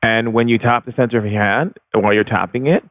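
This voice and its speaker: A man speaking calmly, teaching about spirituality and leading the listener through a guided exercise. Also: mid-range voice, quick pace, no echo, clean studio sound. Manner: calm, instructive, leads guided exercises. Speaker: shaman guest. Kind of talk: spiritual guidance conversation.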